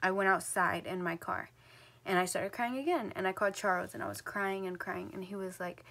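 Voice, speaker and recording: A woman's voice: mid-range voice, fairly even intonation, brisk, vocal fry, a bit bright. A woman in her late teens from New Jersey, telling a personal story to her camera in a casual vlog, with lots of "like" and "um" and restarts. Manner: rambling, filler-heavy talk, full of "like" and "um". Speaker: vlogger.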